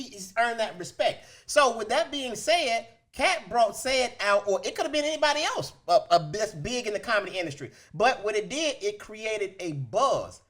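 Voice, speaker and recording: A man hosting a casual comedy podcast, animated and repetitive, building up to his points. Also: sits high. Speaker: podcast host.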